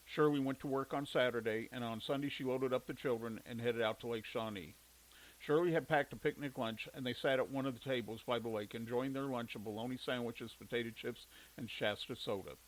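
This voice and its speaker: A man narrating a story in a steady reading voice. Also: medium pitch, a little fast, poor audio. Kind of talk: audiobook narration.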